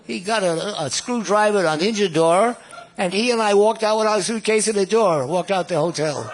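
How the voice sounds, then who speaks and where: In this reminiscence, a ninety-something man who is a guest musician speaks at a normal speed in a high-pitched voice. He wanders through his stories, repeats himself, and laughs at his own anecdotes, with slight background noise audible.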